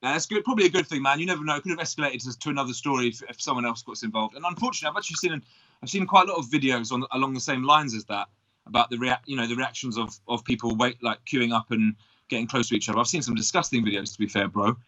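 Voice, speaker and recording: A man in casual podcast chat, talking in a quick, blunt and teasing way. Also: medium pitch, bright, forceful tone, muffled recording. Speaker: podcast co-host.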